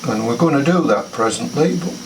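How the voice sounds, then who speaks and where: A man's voice: medium pitch, animated, fairly quick. An older man demonstrating antenna building and soldering, chatting and thinking aloud as he works. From United Kingdom. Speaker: amateur radio hobbyist. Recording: distant mic with clear background noise.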